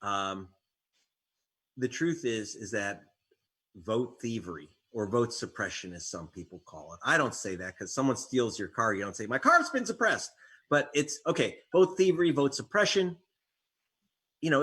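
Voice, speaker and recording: A man's voice: mid-range voice, animated, normal speed, a bit bright, husky. A man, an investigative reporter and author, being interviewed as a guest, talking in a wry storytelling way with sarcastic jabs. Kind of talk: interview conversation.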